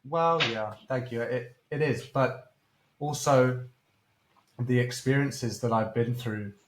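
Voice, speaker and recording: A man hosting a podcast who speaks in a gentle, sympathetic way and hesitates now and then. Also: mid-range voice, slow pace, low-quality recording. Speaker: podcast host. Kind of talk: casual interview chat.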